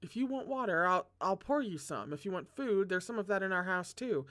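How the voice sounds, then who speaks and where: A reader voicing a timid but stubborn little girl in a read-aloud novel, soft and quivering. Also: medium pitch, lively intonation, brisk, lightly acted. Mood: nervous.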